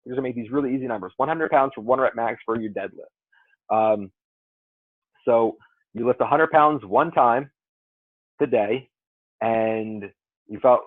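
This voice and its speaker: A man's voice: mid-range voice, normal speed, long pauses, no echo. Man, fitness coach, casual rambling explanation, phone-line sound, dry. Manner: rambling, conversational, works through numbers aloud. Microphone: call audio.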